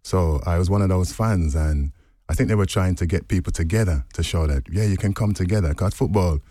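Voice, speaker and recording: A man's voice: sits low, fairly quick, mellow, dry recording, studio quality. A man, a musician guest on a radio show, telling a laid-back story in casual chat.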